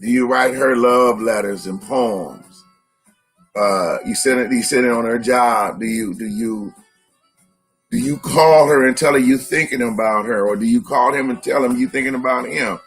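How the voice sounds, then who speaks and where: A man's voice: mid-range voice, moderate pace, slightly rough, faint music behind. A man co-hosting a live-stream discussion, teaching by asking his listeners rhetorical questions.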